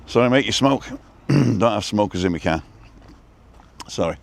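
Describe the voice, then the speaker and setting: A man with a lowish, expressive voice and some vocal fry speaks at a moderate pace while driving and filming a casual live-stream inside his car, reading viewer comments aloud with dry, joking humor.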